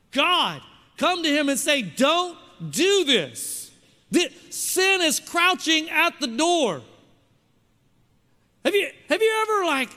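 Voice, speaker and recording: High, bright-voiced male preacher. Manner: emphatic, keeps asking the congregation questions. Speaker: pastor. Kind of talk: sermon. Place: church hall. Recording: long hall reverb.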